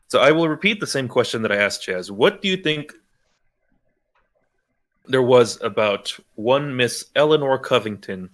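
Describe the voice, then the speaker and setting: A man narrating as game master in a tabletop role-playing game, halting with many restarts. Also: lowish voice, a bit bright.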